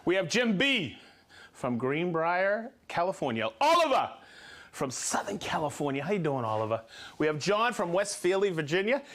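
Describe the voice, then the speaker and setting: High-pitched, very animated, and a bit bright, this host works through viewers' names and hometowns on a live show. He jokes throughout, stumbles over hard place names, and makes rapid asides.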